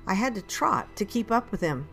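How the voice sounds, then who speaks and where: A woman reading a first-person audiobook in a measured, steady storytelling manner. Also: mid-range voice, gravelly, soft background music. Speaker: audiobook narrator.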